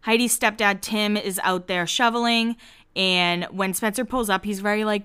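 Smooth-voiced chatty woman recapping a show. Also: mid-range voice, steady tone, sharp tone. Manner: chatty, peppered with "like", quick asides. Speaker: podcast host recapping a TV show. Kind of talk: casual chat.

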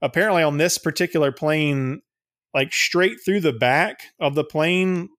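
A man's voice: on the high side, a little slow, a bit bright. A man co-hosting a podcast in casual chat, rambling and profane, laughing often. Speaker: podcast co-host.

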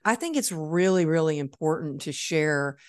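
Woman host, middle-aged, low register, gentle interviewer. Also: lively intonation, normal speed, clean tone. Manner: gentle probing questions. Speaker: podcast host. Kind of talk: conversational interview.

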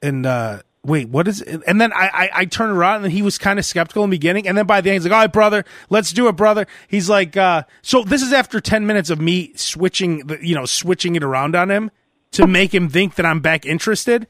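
A podcast host with a high-pitched, bright, forceful voice chats casually and brisk, telling animated stories in which he acts out both sides of phone calls and sometimes breaks into loud shouts. The recording is dry and close.

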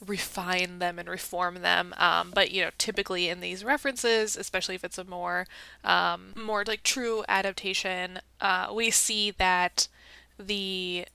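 Woman host, chatty explainer, bright crisp voice, dry close sound. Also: fairly low pitch, fairly even intonation, measured pace, dry recording, low-quality recording. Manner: chatty, many fillers and restarts. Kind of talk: casual explanatory talk.

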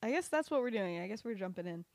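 A woman's voice: medium pitch, lively intonation, quick pace, darkish tone, no echo. A young woman hosting a podcast, casually retelling a story in a rambling, giggly way full of "like"s and restarts. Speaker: podcast host.

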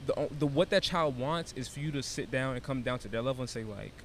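A man's voice: medium pitch, fast talker, a little hiss or hum. A man in casual conversation, explaining ideas animatedly with analogies and casual swearing. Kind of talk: casual chat.

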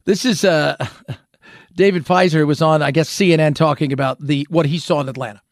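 A man's voice: on the high side, steady tone, fairly quick, no echo. Sarcastic man with a dry close sound. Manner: sarcastic, rhetorical questions. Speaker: commentary show host. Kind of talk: opinionated news commentary.

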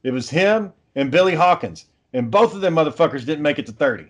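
A man's voice: a little high, expressive, fast talker, lo-fi sound. A man who is a father, chatting casually and telling stories in a blunt, profane way. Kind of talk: casual chat.

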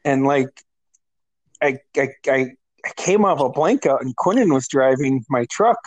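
A man's voice: mid-range voice, expressive, a little slow, dry recording, rough recording. A man in his forties from Alaska, telling a funny swear-laced story in a casual chat and laughing often as he goes. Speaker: podcast co-host.

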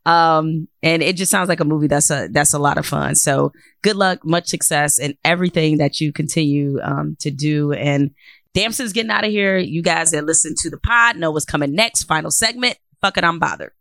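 A woman's voice: sits low, moderate pace, gravelly, no room sound. Dry-sounding woman podcast host. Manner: animated, laughing, blunt and emphatic. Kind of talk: casual interview chat and opinion monologue.

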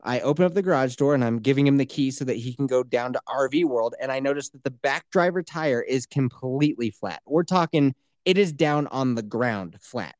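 A man's voice: medium pitch, brisk, few pauses, no room sound. Cussing guy ranting on a podcast, voice bouncing all over, dry close sound. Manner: profane, animated ranting storyteller. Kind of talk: casual podcast chat.

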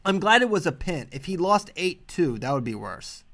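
A man co-hosting a podcast, chatting casually about wrestling picks with quick, animated banter. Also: on the high side. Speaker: podcast co-host. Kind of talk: casual sports chat.

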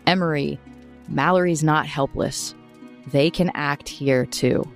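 A woman runs a tabletop game, narrating in a low, slow voice. She lingers over her descriptions. Faint music plays underneath. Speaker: game master.

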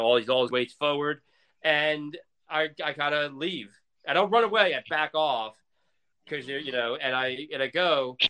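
A man's voice: on the high side, bright, forceful tone, clear, resonant tone, low-quality recording. A man talking as a wrestler guest in a casual interview, intense and profane, rambling through his ideas.

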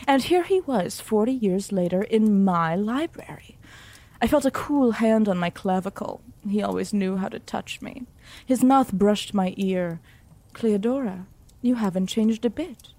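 A woman reads a comic mock romance aloud with a deadpan, overwrought delivery. Her voice sits in a middle register, plain and unhurried. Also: mid-range voice. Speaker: narrator. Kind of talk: comedic mock-romantic narration.

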